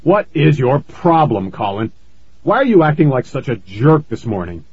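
A man voicing an angry father who scolds and shouts warnings, on a dull, lo-fi recording. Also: mid-range voice, big pitch swings, moderate pace, breathy edge. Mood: angry stern.

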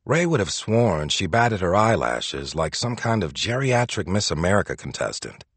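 A man narrates an audiobook in a low, husky voice that rises and falls with the drama. The recording is dry and close, with no room sound around him. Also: very animated, normal speed, no echo.

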